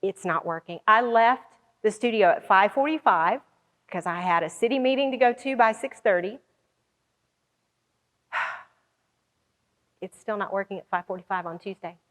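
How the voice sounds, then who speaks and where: A woman's voice: medium pitch, normal speed, long pauses, in a large hall. A woman who organizes conferences tells a story about her own work and acts out the lines other people said. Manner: animated, acts out quoted lines. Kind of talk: storytelling talk.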